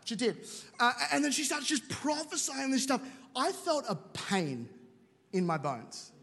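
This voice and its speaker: A high-pitched man preaching in a church auditorium. He tells jokey stories and throws in quick asides, and his voice trails off in a long hall reverb. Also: big pitch swings, fairly bright tone, slightly rough. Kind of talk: sermon.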